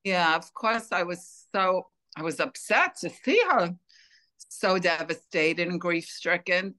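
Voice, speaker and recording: Slow-speaking, bright-voiced woman. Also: lowish voice. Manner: earnest, unhurried storytelling. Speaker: interview guest. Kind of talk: telling a personal story in an interview.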